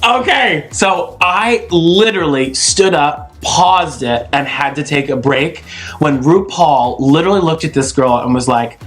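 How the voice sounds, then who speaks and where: Expressive male co-host, comic riffs, very lively pitch, music under the voice. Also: measured pace. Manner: expressive, breaks into laughter and shrieks. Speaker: podcast co-host. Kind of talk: comedic chat. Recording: clip with music behind.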